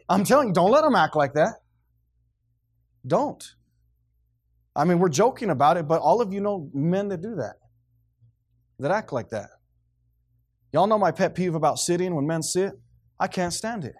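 A man's voice: high-pitched, moderate pace, long pauses. A man, preaching a blunt, emphatic sermon as pastor. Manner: blunt, emphatic preaching, grows loud and animated.

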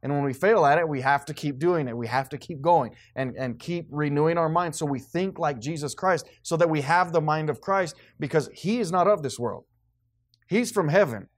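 A man preaching to his congregation as pastor. He reads scripture in a slow, deliberate way. Between readings he talks plainly and conversationally, with an easy, informal manner. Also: a little high. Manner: reads scripture slowly and deliberately, then talks casually with laughs. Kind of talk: sermon.

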